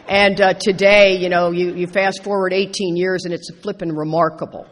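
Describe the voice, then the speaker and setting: A middle-aged woman giving a personal recovery talk to an audience, animated and emphatic, repeating phrases for stress. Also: low voice. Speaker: speaker at a recovery convention. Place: large indoor meeting hall. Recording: reverberant hall.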